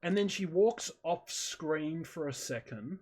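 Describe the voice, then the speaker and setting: This streamer has a husky, slightly breathy voice pitched a little higher than most men's, and he speaks at a slow pace. Over voice chat on a headset or desk mic, he casually retells a video with animated energy, acting out his own reactions along the way.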